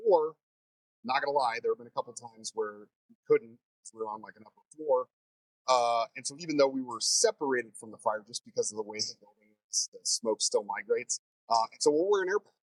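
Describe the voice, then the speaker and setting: A man who teaches fire training, telling stories in a casual interview in a lively way. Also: mid-range voice, brisk, no echo, poor audio. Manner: animated storyteller.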